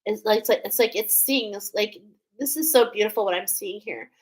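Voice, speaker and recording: A woman reading oracle cards for her viewers, speaking softly, emotional and tearful at times. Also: mid-range voice, moderate pace, rough recording. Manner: emotional, tearful, soft-spoken. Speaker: oracle card reader. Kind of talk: spiritual card reading vlog.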